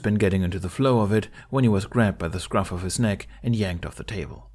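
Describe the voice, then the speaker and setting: A man reading a fan fiction chapter aloud in a steady storytelling way. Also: deep voice, fairly quick, few pauses. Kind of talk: audiobook narration.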